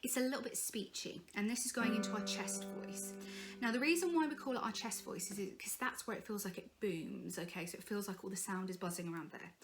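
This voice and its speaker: A young woman giving an informal singing lesson, friendly and encouraging, checking in with her students with a quick "okay?" as she goes. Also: medium pitch, over music. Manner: chatty, encouraging, frequent "okay?" check-ins. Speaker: singing teacher. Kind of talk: informal vocal tutorial.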